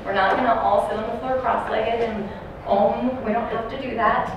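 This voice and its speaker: A woman's voice: fairly high pitch, steady tone, moderate pace, dull audio. Woman, caregiving trainer, storytelling, asks the audience questions, very echoey, distant mic, noisy room.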